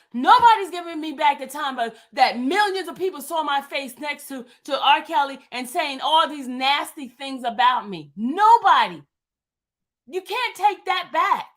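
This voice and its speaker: Woman in her 50s, super high voice, venting hard, repeats herself a lot. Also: a bit bright. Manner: emphatic, repetitive, venting. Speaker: vlogger. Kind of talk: impassioned monologue.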